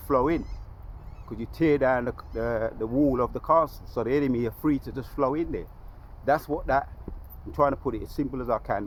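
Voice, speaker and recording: A man's voice: mid-range voice, slight background noise. A man preaching outdoors by a lake in an emphatic, repetitive way, often restarting his sentences and quoting scripture. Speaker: street preacher.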